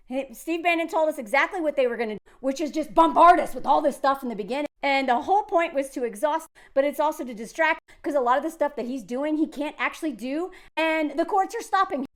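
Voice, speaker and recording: A woman's voice: sits high, expressive, brisk, hardly any pauses. A woman in her forties from the South, giving chatty, emphatic commentary that wanders between points. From Southern United States. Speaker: video creator. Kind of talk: casual talking-head commentary.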